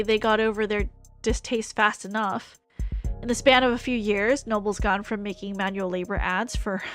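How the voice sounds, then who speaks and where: A woman's voice: medium pitch, fairly bright tone, close to an everyday voice. A woman reading a cynical, sardonic lawyer. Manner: dry, sarcastic, world-weary. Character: cynical, sardonic lawyer narrating a visual novel. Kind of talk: reading a game's lines aloud.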